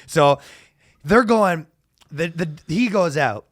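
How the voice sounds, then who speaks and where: Man, high-pitched, very lively intonation, casual comedic podcast storytelling. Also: slow pace, no echo, clean studio sound. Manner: animated, acts out announcers with loud shouted quotes. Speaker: podcast co-host.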